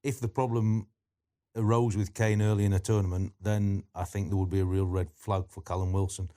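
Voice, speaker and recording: A man who is a former goalkeeping coach, giving measured opinions as a guest on a football chat. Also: low voice, level tone, mellow.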